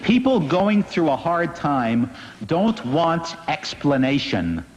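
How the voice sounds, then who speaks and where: A man, a rabbi, giving an inspirational public talk in an earnest, gently wry storytelling manner. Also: on the high side, sing-song, takes it slowly. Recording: dull lo-fi recording in a reverberant hall.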